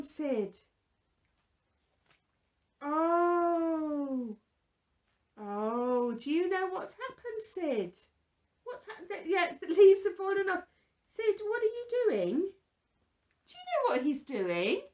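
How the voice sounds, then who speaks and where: A woman presenting a children's Bible lesson, talking gently and with exaggerated feeling to toddlers and a puppet. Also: very high voice, very animated, drawn-out words, pauses often.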